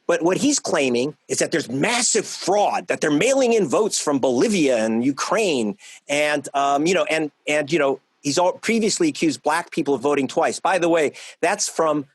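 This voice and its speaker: A man speaks as a journalist guest in a panel discussion. He talks emphatically, often restarting his sentences, in a fairly high voice. The sound is dry and close. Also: expressive, moderate pace, breathy edge, no room sound. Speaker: author and investigative journalist guest.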